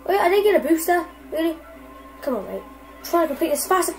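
A young woman giving casual, excitable commentary over gameplay and swearing constantly at her opponents. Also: very high-pitched, brisk, poor audio. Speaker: gamer. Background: faint game music.

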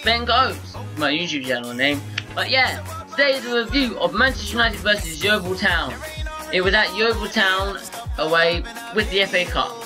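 Excitable rambling guy over music. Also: high-pitched, moderate pace, poor audio. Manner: rambling, excitable, repeats and restarts himself. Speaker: football vlogger. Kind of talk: casual match review to camera.

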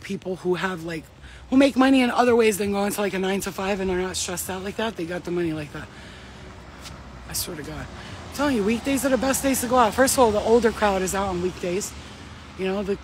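A woman's voice: on the low side, a little hiss or hum. A woman chatting casually while walking her dog outdoors, blunt and profane and laughing often. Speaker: vlogger. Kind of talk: casual chat.

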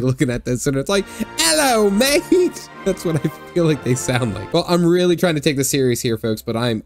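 A man's voice: mid-range voice, a little mellow, no echo. A man giving a joking, wisecracking voice-over commentary on a game he is playing, recorded close on a studio mic. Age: young adult to middle-aged. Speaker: gaming YouTuber.

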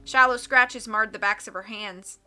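A woman narrating an audiobook in a clear, expressive reading voice. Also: fairly high pitch, moderate pace. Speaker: audiobook reader.

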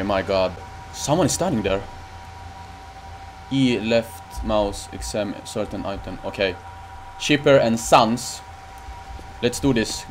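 A man's voice: lowish voice, a little hiss or hum. A young man giving nervous, swear-heavy commentary as he plays a game and reads its prompts aloud. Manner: jittery, swears a lot, reads on-screen text aloud. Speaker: gaming channel host. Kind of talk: let's play commentary. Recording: loud game music behind.

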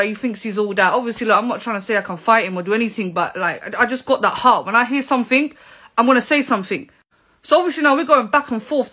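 A woman, telling a story in an animated, indignant way to camera. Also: a little high. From England. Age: 20s. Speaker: vlogger. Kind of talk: storytelling vlog.

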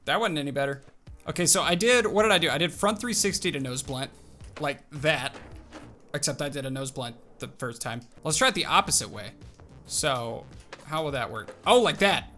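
Lively, bright-voiced young gaming host. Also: male voice, fairly high pitch, moderate pace, soft background music. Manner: animated, exclaims and narrates tricks to himself. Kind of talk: excited gameplay commentary.

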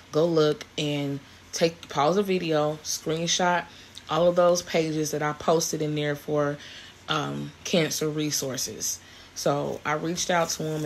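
Her voice sits low, with a bit of background noise in the clip. She's a vlogger in her 40s talking casually to camera, thankful and meandering, often starting over.

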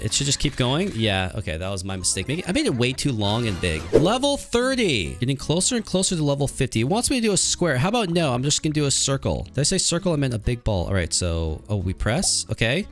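Young guy doing snarky mobile game commentary, pitch jumps all over, faint music behind. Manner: sarcastic, jumpy, self-mocking. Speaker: gaming YouTuber.

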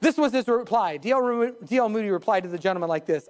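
Preaching live in a church sanctuary, a male pastor is expressive and quick, his pitch and pace jumping up and dropping suddenly. He's emphatic and laughs softly at his own jokes.

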